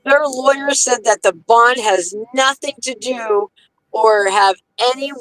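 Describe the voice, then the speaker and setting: A woman's voice: on the high side, a little slow, fairly bright tone, rough recording. A woman telling her story on a podcast in casual chat, heated and profane, often acting out what others said.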